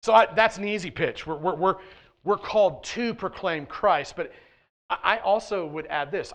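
A man's voice: sits high, normal speed. A man preaching a sermon as pastor of a church, talking in a casual, conversational way and often checking in with the congregation. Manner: swings between quiet asides and loud emphatic points. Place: church sanctuary.

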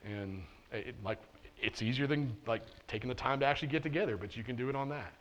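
A man's voice: medium pitch, fast, muffled recording, slight background noise. A male pastor giving a sermon in a loose, conversational way, full of "like" and restarts, with playful asides. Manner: casual and conversational, with frequent "like" and restarts; playful asides and short laughs while preaching. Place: church.

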